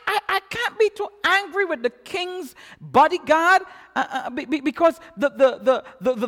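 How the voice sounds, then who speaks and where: A man preaching with great animation, stumbling over repeated words as he builds. His voice is very high and bright with wide swings of pitch. A long hall reverb trails every phrase. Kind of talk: sermon.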